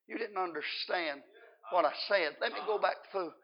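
A gentle, persistent evangelist coaxing softly in a high, gravelly voice, as a male preacher plays him. The sermon recording is dull and lo-fi. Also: moderate pace.

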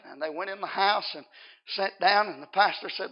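A man preacher delivering a revival sermon who rises to loud, shouting exhortation, on a dull lo-fi recording. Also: sits high, moderate pace.

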